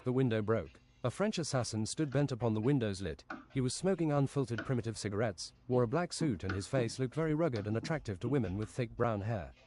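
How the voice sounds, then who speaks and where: A man reading an absurd fantasy story aloud on a stream in a deadpan, matter-of-fact way. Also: mid-range voice.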